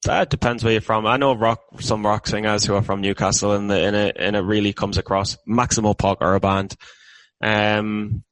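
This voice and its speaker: A man's voice: fairly low pitch, little pitch movement, normal speed, fairly bright tone, no echo, rough recording. A British man co-hosting a podcast, talking casually in a rambling, self-deprecating way with many restarts. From Britain. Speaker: podcast co-host. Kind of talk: casual chat.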